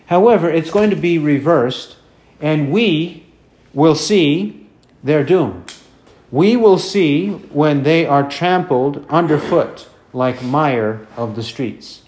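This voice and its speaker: A man preaching an expository sermon, speaking deliberately and repeating key phrases for emphasis. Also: a little high, lively intonation, darkish tone. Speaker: pastor.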